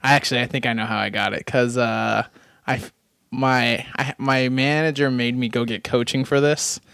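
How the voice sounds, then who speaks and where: Young dude rambling on a podcast, laughs a lot, dry close sound. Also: male voice, medium pitch, steady tone, normal speed, vocal fry, fairly bright tone, smooth, no room sound. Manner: rambling, self-deprecating, laughs often. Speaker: podcast host. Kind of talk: casual chat.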